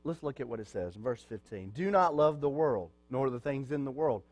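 A man's voice: mid-range voice, lively intonation, fairly quick. A man preaching a sermon as pastor, in a conversational way, asking his congregation questions and answering them.

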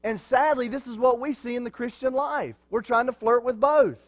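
Speaking at an ordinary speed, a male pastor gives a sermon from the pulpit with a rather high-pitched voice. He keeps things chatty, asking rhetorical questions and supplying his own answers.

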